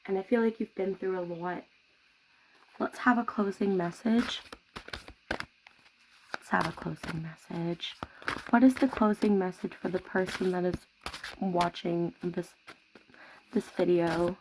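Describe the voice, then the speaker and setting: A woman giving a tarot reading to camera at home, speaking softly and reassuringly. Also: on the low side, a little hiss or hum, low-quality recording. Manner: soft-spoken, gentle and reassuring. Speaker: tarot reader.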